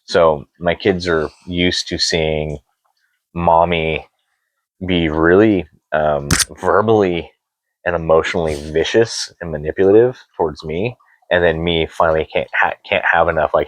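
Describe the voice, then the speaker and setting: A man's voice: sits low, steady tone, unhurried, dry recording, low-quality recording. A middle-aged man co-hosting an unscripted couple's podcast, talking candidly and rambling, swearing freely. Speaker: podcast co-host.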